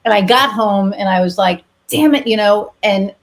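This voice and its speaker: A woman's voice: mid-range voice, fairly even intonation, moderate pace. A woman podcast host chatting candidly, telling a personal story with casual swearing and lots of fillers. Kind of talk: casual interview chat.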